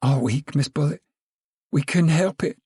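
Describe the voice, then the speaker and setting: A man's voice: on the high side, a little slow, mellow, breathy edge, no room sound, clean studio sound, voice pushed up. A man voicing a meek, flustered poor mother who whines and pleads. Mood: whining. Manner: whining, pleading.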